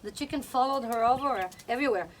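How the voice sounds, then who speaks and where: A woman's voice: on the high side, fast talker, slight background noise. A woman chatting casually outdoors by her chicken coop, cooing fondly at her hens while a companion films on a phone. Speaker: backyard chicken keeper. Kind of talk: casual chat. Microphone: phone held by companion. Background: clucking chickens.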